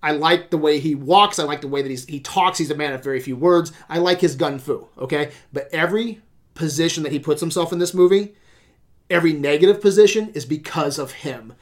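A man's voice: a little high, fairly quick. A man ranting about movies on a casual podcast, swearing a lot and sounding exasperated. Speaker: podcast host reviewing movies. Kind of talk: casual profane movie rant.

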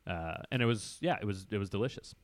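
A man's voice: lowish voice, animated, quick pace, no room sound. A man co-hosting a podcast in casual chat, telling stories with lots of fillers and enthusiasm. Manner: rambling, enthusiastic storyteller with fillers. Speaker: podcast co-host.

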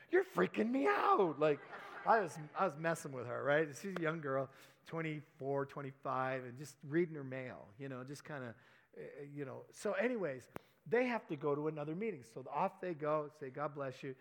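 A man's voice: on the high side, brisk. Chatty preacher, a man telling a story. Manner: chatty, anecdotal, self-deprecating asides. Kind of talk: sermon storytelling.

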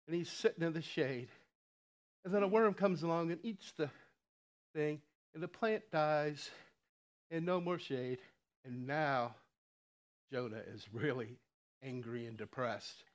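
A man's voice: a little high, measured pace, long pauses. A man preaching a sermon in a conversational way, with frequent chuckles and asides. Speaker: lay preacher.

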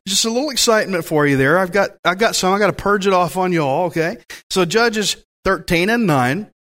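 A man's voice: high-pitched, a bit bright. A man preaching a sermon, reading scripture aloud and breaking off into enthusiastic, conversational asides. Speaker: pastor.

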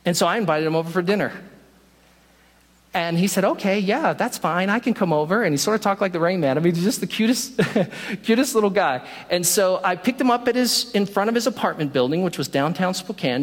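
A man preaching a sermon, telling a story in an animated way and acting out the lines of the people in it. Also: sits high, a little fast. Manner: storytelling, animated, acts out quotes. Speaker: pastor. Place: church sanctuary. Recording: long hall reverb.

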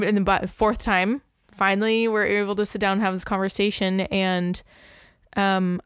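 A young woman in casual podcast chat, an animated storyteller who laughs often. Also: medium pitch, smooth, dry recording, studio quality.

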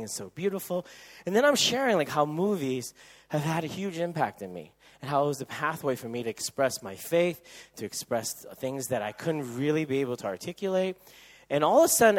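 A man speaking at a youth camp, telling funny stories sermon-style and acting out other people's voices with loud shrieks. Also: medium pitch. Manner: animated, acts out quoted voices with loud shrieks. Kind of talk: humorous sermon storytelling.

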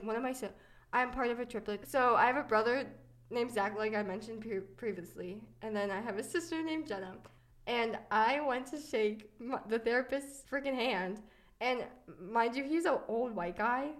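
A young woman hosting a podcast, telling personal stories in casual chat, chatty and giggly with many fillers. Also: a little high. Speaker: podcast host.

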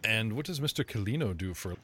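A man's voice: fairly low pitch, expressive, fast talker, fairly bright tone, slightly rough. A man running a tabletop game as game master, joking with players and narrating scenes. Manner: jokey, puts on many character voices.

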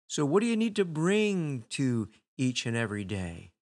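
A man speaking at a middle, unremarkable pitch in a reflective motivational talk. He keeps it conversational and leans on rhetorical questions to draw the listener in. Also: big pitch swings, normal speed, a little mellow.

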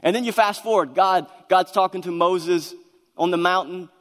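A man's voice: high voice, normal speed, a bit bright. A man preaching a sermon to his congregation, earnest and emphatic, often stumbling and restarting his words. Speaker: pastor. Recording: long reverb of a large hall.

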